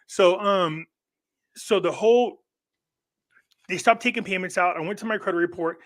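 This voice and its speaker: Rambling man with a slightly high voice. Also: moderate pace. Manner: rambling storyteller who keeps restarting his sentences. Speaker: guest on a live online show. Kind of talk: casual chat.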